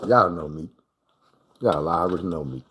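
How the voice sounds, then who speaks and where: A man's voice: low-pitched, moderate pace, a bit bright, slight background noise. A man telling a rambling, slangy personal story on a livestream, full of swearing and acted-out moments.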